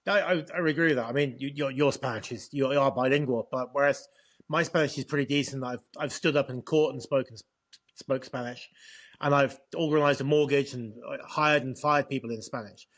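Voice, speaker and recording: A man's voice: medium pitch, steady tone, brisk, a bit bright. A man with an English accent in casual chat, often stumbling and repeating words as he talks. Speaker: co-host.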